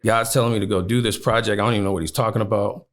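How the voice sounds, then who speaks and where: Low-voiced guy from chicago telling his life story, lots of "you know", thoughtful. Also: fairly even intonation, racing, fairly bright tone. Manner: reflective, many "you know" fillers. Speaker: podcast guest. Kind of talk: personal storytelling.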